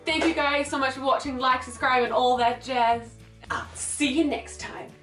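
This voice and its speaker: Excitable young woman ranting about a book. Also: high-pitched, normal speed. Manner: excitable, rambling, swears a lot, acts out characters. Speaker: book vlogger. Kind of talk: casual book review vlog. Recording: echoey room, mic at a distance, faint music.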